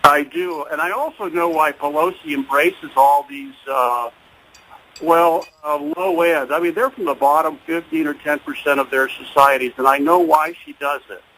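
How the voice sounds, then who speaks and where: Hesitant guy calling into radio, kinda high, bright edgy voice. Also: normal speed, low-quality recording. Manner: hesitant, full of fillers and restarts. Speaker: caller. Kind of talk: call-in talk radio.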